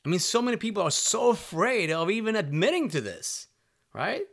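Lively, earnest man giving a motivational talk. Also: high-pitched, normal speed, gravelly. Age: adult parent. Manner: earnest, keeps checking in with the listener with "right?" and direct questions. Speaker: self-help speaker. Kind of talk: motivational monologue.

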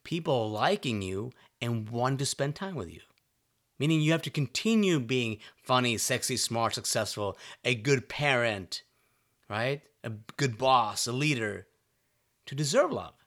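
A man's voice: medium pitch, lively intonation, measured pace, fairly bright tone. A man giving a motivational talk to his listeners, earnest and direct, often checking in with "right?" and asking if they are following. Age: adult parent. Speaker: self-help speaker. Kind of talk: motivational monologue.

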